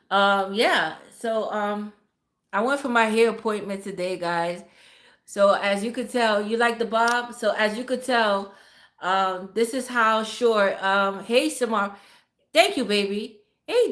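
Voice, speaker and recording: High-voiced woman chatting on a livestream. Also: a bit bright. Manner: chatty, profane, laughs often, greets viewers by name. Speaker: livestream host. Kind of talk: casual live-stream chat.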